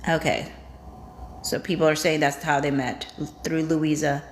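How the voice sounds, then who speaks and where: Low-voiced woman reading chat comments. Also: little pitch movement, measured pace, slight background noise. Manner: reads viewer comments aloud and reacts with chatty asides. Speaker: livestream host. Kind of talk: casual live-chat reading. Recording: roomy echo.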